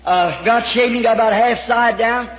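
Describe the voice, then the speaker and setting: A man preaching a storytelling sermon before a congregation, fervent, breaking into shouts and chuckles. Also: very high voice, normal speed. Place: large church hall before a congregation. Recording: echoey hall, faint background noise.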